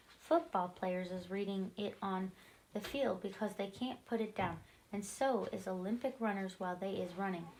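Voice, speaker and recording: A woman reading a children's book aloud with an expressive, animated delivery. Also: medium pitch, low-quality recording. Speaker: storyteller.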